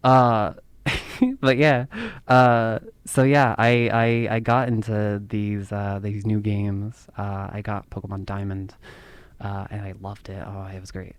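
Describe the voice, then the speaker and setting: A man's voice: on the low side, level tone, takes it slowly, clean tone, no room sound. A man hosting a podcast, talking in a casual, rambling monologue and laughing at himself. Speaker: podcast host.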